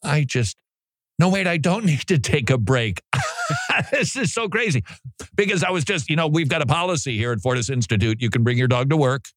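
A man's voice: on the high side, animated, a little fast, no room sound, studio quality. A man hosting a radio show, talking in a chatty, joking way and laughing often. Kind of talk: casual radio monologue. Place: radio studio. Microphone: studio microphone.

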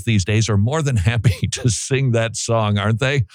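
A man's voice: medium pitch, moderate pace, a little mellow, dry recording. A man hosting a talk show, giving sarcastic, mocking commentary with laughing asides. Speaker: host.

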